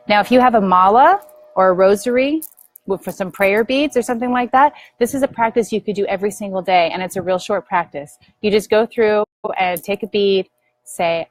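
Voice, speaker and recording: A middle-aged woman speaking earnestly to viewers as a spiritual teacher, gently guiding them through a prayer practice. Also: mid-range voice, fairly quick, no echo, low-quality recording. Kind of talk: earnest spiritual talk to camera.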